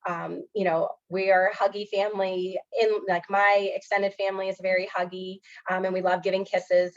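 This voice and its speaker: A woman's voice: mid-range voice, muffled recording. A woman counselor giving an educational presentation, speaking earnestly, with frequent fillers such as "um" and "you know".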